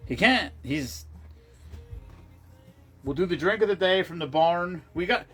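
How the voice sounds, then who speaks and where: A man's voice: high voice, lively intonation, measured pace, a bit bright, husky, faint music behind. A middle-aged man hosting a casual livestream, telling rambling stories in a loose, profane way. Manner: rambling, profane storytelling with laughs. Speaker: livestream host.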